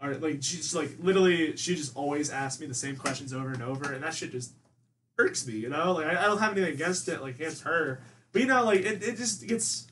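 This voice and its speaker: A man's voice: expressive, fast, fairly bright tone. A young man guest on a casual podcast, rambling through family stories with lots of "like" and imitating his mom. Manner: rambling, heavy use of "like", mimics his mom in a higher voice. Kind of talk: casual storytelling chat. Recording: distant mic with faint ambient noise.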